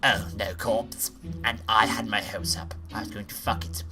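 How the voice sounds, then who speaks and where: A man voicing a creepy, sinister male bird doctor, low, slow and hushed, over game music. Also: fairly even intonation, lightly acted.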